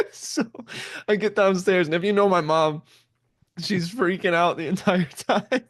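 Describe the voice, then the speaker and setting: Young guy, kinda high voice, telling a wild story, swears a lot, does voices for everyone. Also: a little slow. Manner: animated, acts out quotes, swears and laughs often. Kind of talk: casual storytelling chat.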